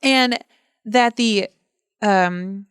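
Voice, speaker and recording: A woman co-hosting a podcast in casual, animated chat, expressive and quick to react. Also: mid-range voice, clean tone, dry recording, clean studio sound. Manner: animated and expressive, reads passages aloud. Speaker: podcast co-host.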